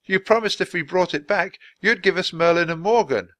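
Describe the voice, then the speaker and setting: An eager, brave little girl speaks up earnestly, as a man puts her on. The voice is raised high and sounds close and dry. It comes from a children's storybook reading. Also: a little fast, a bit bright, dry recording. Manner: earnest, pleading.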